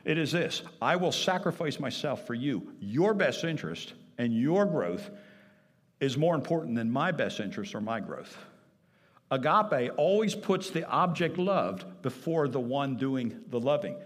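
A man's voice: medium pitch, lively intonation, normal speed, breathy edge. A man preaching a sermon as pastor, emphatic, repeating key phrases and putting questions to the congregation. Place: church sanctuary. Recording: long reverb of a church hall.

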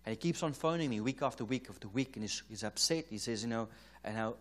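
A man's voice: medium pitch, fast talker, few pauses. A South African man preaching at a conference, telling a story and acting out the conversations in it, with frequent chuckles. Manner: anecdotal, re-enacts dialogue, chuckles often. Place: church or conference hall.

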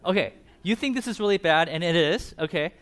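A man preaching a casual sermon, retelling a Bible story with animated asides and quick voiced bits for the characters. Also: sits high. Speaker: pastor.

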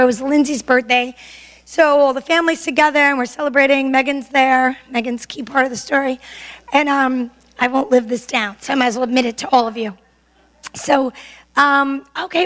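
Woman, high voice, lively self-mocking storyteller, reverberant hall. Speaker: testimony speaker. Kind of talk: storytelling testimony.

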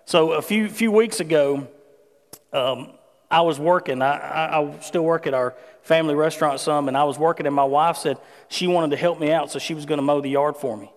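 A man delivers a relaxed, folksy sermon, moving from scripture into everyday stories. His voice sits high for a man. It rings out with a long hall reverb. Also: brisk. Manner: conversational, folksy preaching with personal stories. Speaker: pastor.

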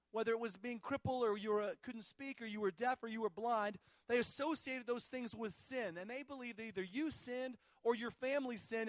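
A man's voice: extremely high pitch, no room sound. A male pastor delivering a sermon, telling a Bible story with emphatic repetition.

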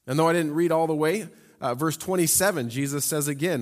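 A man preaching a sermon, reading scripture and explaining it in a lively, conversational way with humorous asides. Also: fairly high pitch, fairly quick. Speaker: pastor. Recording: long hall reverb.

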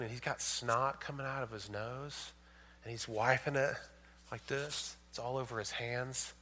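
Bright-voiced man preaching a sermon. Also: steady tone, normal speed. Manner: emphatic, swings from loud and high to hushed storytelling. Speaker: pastor.

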